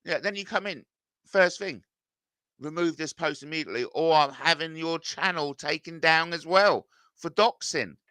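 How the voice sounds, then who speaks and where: A man's voice: a little high, moderate pace, sharp tone, clean tone, no echo, clean studio sound. A middle-aged man reading out viewer comments and ranting back, agitated and swearing, his voice climbing when confronted.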